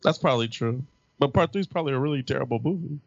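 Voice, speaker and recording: A man's voice: mid-range voice, very fast, creaky, no room sound. A man hosting a casual movie chat podcast, teasing and laughing often. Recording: dull lo-fi sound.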